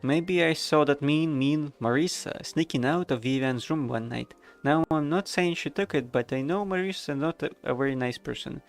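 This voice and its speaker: A man's voice: fairly high pitch, moderate pace, hardly any pauses, faint music behind, close to an everyday voice. A man reading aloud as a sweet, timid, perky young woman in a game, chirpy and apologetic. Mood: pleased.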